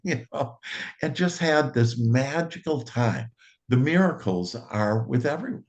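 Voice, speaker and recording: A man hosting a casual group chat, telling a lively personal story with frequent laughs. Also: medium pitch, unhurried. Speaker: host.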